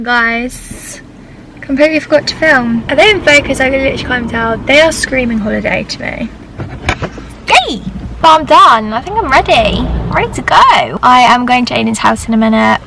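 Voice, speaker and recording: A woman's voice: high voice, creaky, background noise. A young British woman chatting casually to her viewers in a lifestyle vlog. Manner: chatty, talking straight to viewers. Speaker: lifestyle vlogger.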